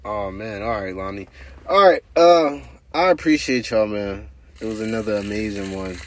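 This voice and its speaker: A man hosting a podcast, signing off in a relaxed, laid-back casual chat. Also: lowish voice, normal speed. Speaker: podcast host.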